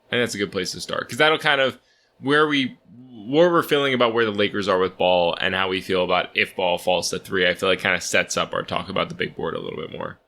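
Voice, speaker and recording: A man's voice: low voice, quick pace, sharp tone. A young man co-hosting a casual sports podcast, rambling with lots of restarts and "like". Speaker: podcast co-host.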